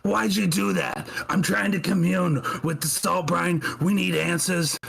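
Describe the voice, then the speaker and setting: Man doing old grandma, shrill, ranting, gravelly, tabletop game. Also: steady tone, a little slow, a bit bright, exaggerated voice. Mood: frantic ranting. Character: cranky old woman, salt-worshipping grandma.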